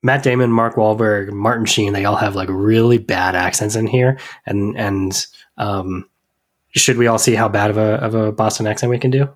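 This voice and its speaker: A man's voice: fairly low pitch, fairly even intonation, normal speed. Joking male podcast co-host. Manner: joking, laughs often. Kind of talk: casual comedic chat about movies.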